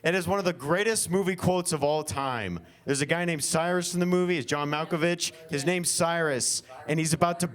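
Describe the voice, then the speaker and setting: Young male comic from Oklahoma, slightly high voice, loose rambling improvised stand-up with lots of fillers. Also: a little fast, hardly any pauses. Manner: rambling, filler-heavy, self-deprecating. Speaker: stand-up comedian. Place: winery comedy show.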